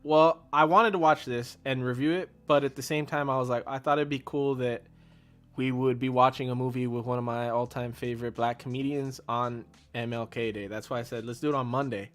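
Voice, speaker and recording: A man's voice: medium pitch, fairly even intonation, a little fast, fairly bright tone. Laid-back guy chatting movies. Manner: laughing, acts out movie lines. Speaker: guest co-reviewer. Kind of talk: casual chat.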